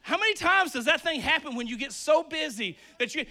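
A man preaching a sermon with lots of energy, swinging between loud emphasis and quiet asides, a bit out of breath. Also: very high-pitched, lively intonation, a little fast.

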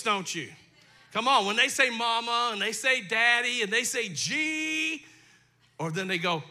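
Bright-voiced high-pitched male pastor. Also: very animated, moderate pace. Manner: folksy, conversational preaching with asides to the congregation. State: dry throat. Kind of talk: sermon. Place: church sanctuary.

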